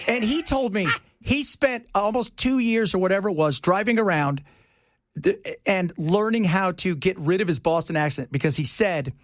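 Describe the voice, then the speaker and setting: A man's voice: high-pitched, no echo, clean studio sound. A man hosting a radio talk show, joking and teasing his co-hosts in casual on-air banter and acting out the voices of people he quotes. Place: radio studio.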